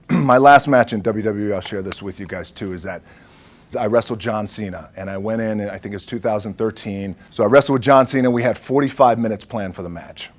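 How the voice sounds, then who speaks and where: A man telling a relaxed, profane anecdote to a group in a conversational way. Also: lowish voice, a little fast.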